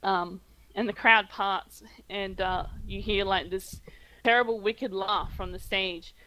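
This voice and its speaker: A woman running a tabletop game, narrating the scene in a halting way with many pauses and restarts. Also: mid-range voice, fairly even intonation, sharp tone, rough recording. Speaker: game master.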